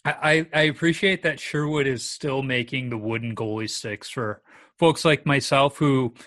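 Bright-voiced man hosting a casual chat. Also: mid-range voice, moderate pace. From Minnesota. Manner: easygoing, asks questions, shares stories. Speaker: podcast host interviewing a guest.

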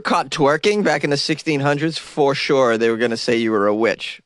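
A man's voice: medium pitch, moderate pace, fairly bright tone, no room sound, studio quality. A man with a cold reading news items aloud and mocking them in wry comic commentary. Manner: wry, mocking asides between read-outs. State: has a cold. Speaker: host.

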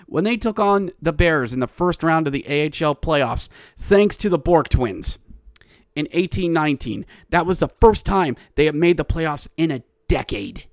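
A man's voice: a little high, animated, moderate pace, dry recording, clean studio sound. A man hosting a solo hockey podcast, ranting in exasperation and working himself up as he goes. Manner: exasperated ranting, getting louder and riled up. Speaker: podcast host. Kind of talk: solo sports podcast rant.

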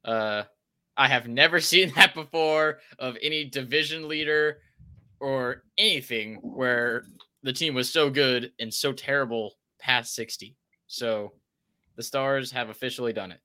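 A man's voice: medium pitch, measured pace, sharp tone. A man co-hosting a sports talk show, commenting wryly and analytically and reading out viewer comments. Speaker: sports podcast co-host. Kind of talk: casual chat.

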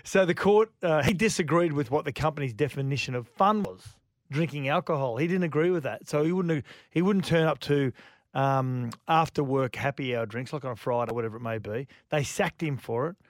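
Co-host reading odd news. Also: male voice, a little high, a little fast, dry recording. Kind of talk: casual radio news chat.

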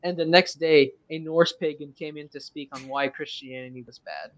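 An eighteen-year-old man, a native French speaker from Quebec, chats as a guest on a stream, his voice sitting a bit high for a man. He rambles, restarting sentences and filling gaps with "uh" and "like". The sound is close and dry, with no room around it. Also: fairly even intonation, normal speed, no echo, poor audio. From Quebec, Canada. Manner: rambling, lots of fillers and restarts. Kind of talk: casual chat.

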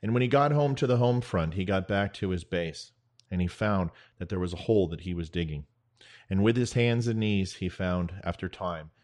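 A man hosting his own show, telling a spoken parable in an earnest, measured way with dramatic pauses. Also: low-pitched, darkish tone. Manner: veteran advocate. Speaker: show host. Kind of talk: spoken parable, storytelling monologue.

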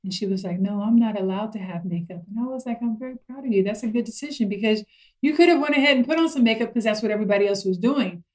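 A middle-aged woman chatting casually about parenting, telling stories lively and acting out her kids' voices. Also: mid-range voice, quick pace, poor audio. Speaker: guest parent.

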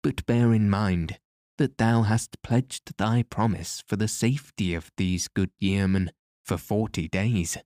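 A man's voice: lowish voice, a little slow, a little mellow, no echo, studio quality, natural voice. A man voicing an amused, gracious queen in a storybook reading, with archaic courtly speech. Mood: teasing.

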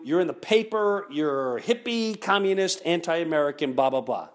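A man's voice: a little high, lively intonation, normal speed. A middle-aged man hosting a podcast, ranting comedically and mimicking other people in raised voices. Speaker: podcast host. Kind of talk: animated comedic rant.

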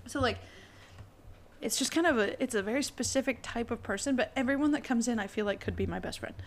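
A woman's voice: a little high, fast. A woman co-hosting a podcast, telling a story in casual chat, giggly and full of "like". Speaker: podcast co-host.

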